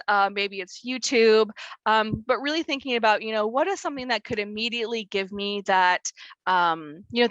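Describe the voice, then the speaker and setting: A young woman leads an online workshop over a video call. Her voice is bright and a little high, and the sound is dry and close. She talks in a chatty, filler-heavy way and laughs easily. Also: no echo. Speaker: workshop presenter. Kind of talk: online wellness workshop talk.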